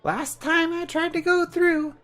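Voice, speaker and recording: A man voicing a tiny chirpy male winged sprite in a high, squeaky, slowly drawn-out voice. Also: steady tone, sharp tone, full character voice. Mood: cheeky chirpy.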